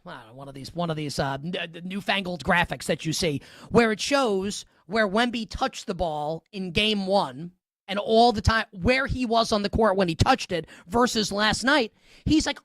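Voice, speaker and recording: A woman's voice: medium pitch, dry recording, studio quality. A woman hosting a sports talk radio show, giving opinionated, sarcastic, emphatic commentary. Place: radio studio.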